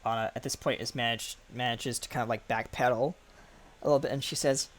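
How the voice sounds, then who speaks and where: A man's voice: mid-range voice, fairly even intonation, fairly quick. A man narrating as game master, describing scenes in a rambling, filler-heavy way.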